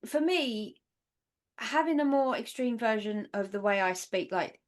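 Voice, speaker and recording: A woman from England with a London accent, a podcast guest telling stories in casual, animated chat. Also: fairly high pitch, a little slow. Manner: animated storyteller, swears freely.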